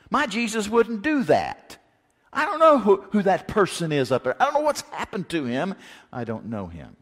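A man's voice: high-pitched, big pitch swings, normal speed, voice pushed up. A male preacher playing a frightened apostle in a sermon, voicing his defensive, pleading denials. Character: frightened, flustered apostle, a grown man. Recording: long reverb of a large hall.

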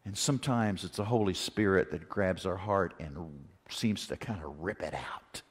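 A man preaching a sermon, animated, asking rhetorical questions and acting out the quotes he tells. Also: low voice, normal speed, slightly rough. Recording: long reverb of a large hall.

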